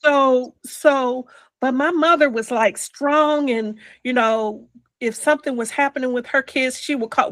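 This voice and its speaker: Older woman, interview guest, slow reflective storytelling, slightly high voice, dry close sound. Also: no room sound, rough recording. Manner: slow and reflective, drops to a whisper on quoted words.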